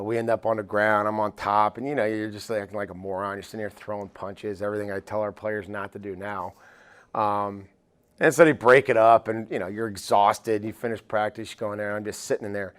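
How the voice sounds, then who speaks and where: A middle-aged man with a somewhat low voice tells stories in a relaxed, rambling way, full of casual fillers. He is a football coach who is a guest on a podcast interview. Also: clean tone. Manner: relaxed, rambling anecdotes with many "you know" fillers.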